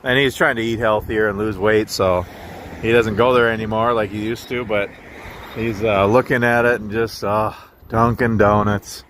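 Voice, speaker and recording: A man casually narrating his walk through town streets in a slow, rambling, chatty way with chuckles, talking to a handheld camera. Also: lowish voice, fairly even intonation, fairly bright tone, a little hiss or hum. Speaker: walking vlogger.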